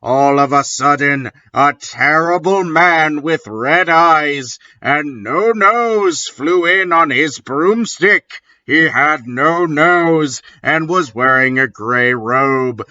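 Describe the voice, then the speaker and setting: A man giving a comedic dramatic reading in dry, deadpan narration, on a dull lo-fi recording. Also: on the high side, slow, hardly any pauses. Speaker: reader.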